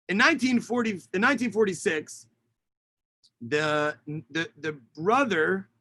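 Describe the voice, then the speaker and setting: Bright, high-voiced rabbi telling a story. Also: male voice, no room sound. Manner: animated storyteller, sprinkles Hebrew and Yiddish terms. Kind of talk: teaching a lesson with a retold story. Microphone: video call.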